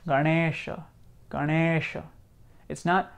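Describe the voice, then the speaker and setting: A man from India teaching Sanskrit sounds, repeating each sound slowly and patiently. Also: on the high side, fairly even intonation, a little mellow. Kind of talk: slow teaching, pronouncing sounds aloud.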